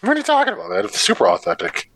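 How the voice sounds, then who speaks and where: Sarcastic man with a lively voice. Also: sits high, racing, creaky. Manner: sarcastic, swears freely, lively mock impressions. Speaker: podcast co-host. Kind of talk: casual movie review chat.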